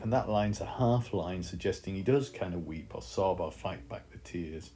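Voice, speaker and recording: A man's voice: deep voice, moderate pace, dark tone, a little hiss or hum. A man teaching a literature lesson, explaining in a thoughtful way with frequent fillers.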